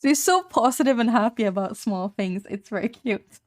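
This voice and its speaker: A woman's voice: a little high, expressive, moderate pace. A young woman streamer chatting casually, rambling in a laid-back way, swearing and laughing often. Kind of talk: casual chat.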